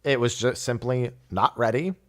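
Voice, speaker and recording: A man hosting a casual discussion show, animated and laughing often. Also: mid-range voice, moderate pace. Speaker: podcast host. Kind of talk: casual chat.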